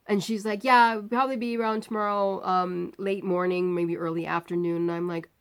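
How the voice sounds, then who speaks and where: A woman vlogger telling a personal story, acting out the people in it with lively, rising outbursts. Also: on the low side, normal speed. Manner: animated retelling, acting out quoted lines.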